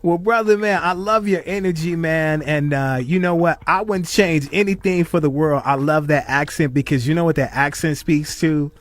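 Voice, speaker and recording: A man's voice: fairly high pitch, normal speed, few pauses. A man from Chicago hosting a radio interview, effusive and peppering his talk with "man". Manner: effusive, says "man" often. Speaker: radio host. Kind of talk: interview questions.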